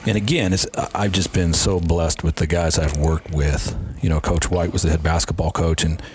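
A man's voice: low-pitched, steady tone, moderate pace, darkish tone, slight background noise. A middle-aged man, a strength and conditioning coach, earnestly telling career stories in an interview and acting out past conversations. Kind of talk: casual interview storytelling.

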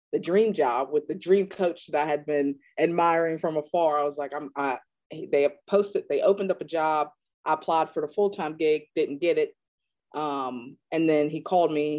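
A woman in her thirties from North Carolina, a strength and conditioning coach, casually telling stories in an interview and acting out the people she quotes. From North Carolina, USA. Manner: animated, acts out quoted dialogue with big pitch jumps.

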